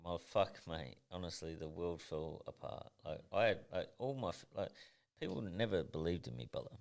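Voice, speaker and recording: A Tasmanian professional boxer in his thirties, appearing as a podcast guest, tells stories bluntly, intensely and with heavy profanity. His voice sits low with vocal fry, animated and at a normal speed, in a casual storytelling style.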